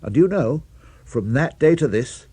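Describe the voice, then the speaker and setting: A man's voice: on the high side, lively intonation, unhurried, mellow, husky, no room sound. An older man telling a children's story, playful and speaking directly to young listeners.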